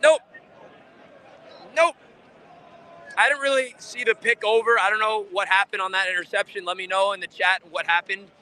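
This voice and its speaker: A man's voice: sits high, steady tone, normal speed, pauses often, bright, forceful tone, a little hiss or hum. A man hosting a fan channel, giving an angry, frustrated live post-game rant outside a stadium, swearing often.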